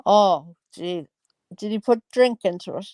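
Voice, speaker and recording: A woman's voice: medium pitch, unhurried, darkish tone, no echo. A woman, gossiping casually about online videos and exclaiming often. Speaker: commentary vlogger. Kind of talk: casual chat.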